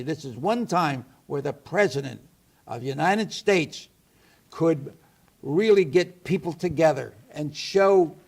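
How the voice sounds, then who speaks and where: A man hosting a talk show, chatty, rambling and opinionated. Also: fairly high pitch. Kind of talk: casual talk show conversation.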